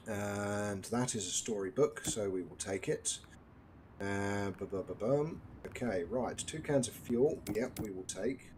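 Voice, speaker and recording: A British man with a fairly low voice talks through a survival game stream in a casual, dry, chatty way, tossing off wry asides. Clear background hiss sits under his home microphone. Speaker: gaming live streamer.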